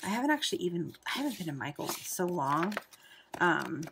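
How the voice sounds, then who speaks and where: A woman hosting a casual craft unboxing, gushing and exclaiming over each item and sometimes dropping to a hushed near-whisper. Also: on the low side, sing-song, brisk, gravelly, noisy background. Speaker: craft channel host.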